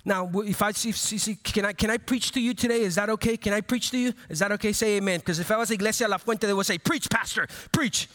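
A man preaching a sermon as pastor, animated, with many repeated phrases and call-and-response to the congregation. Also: sits high, fast talker, few pauses. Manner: animated, playful asides to the congregation.

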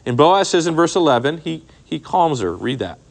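A man leads a casual Bible study in an animated, conversational way. His voice sits a little high and swings widely in pitch. He keeps checking in with his listeners as he talks. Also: normal speed, vocal fry, a little hiss or hum. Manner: animated, acts out characters in quotes, frequent "right?" and "okay?".

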